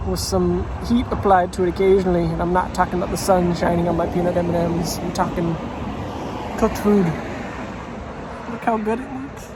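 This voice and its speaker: A man talking in a casual, wry and self-mocking way while walking outdoors for a vlog. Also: high voice. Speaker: walking vlogger. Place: outdoors by a road. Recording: outdoor traffic noise.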